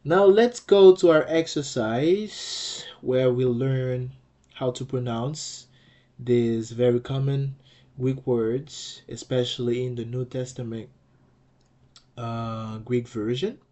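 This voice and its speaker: A man's voice: mid-range voice, fairly even intonation, slow, dark tone. A man teaching a language lesson, explaining patiently, repeating key points and checking in with "okay?" as he goes.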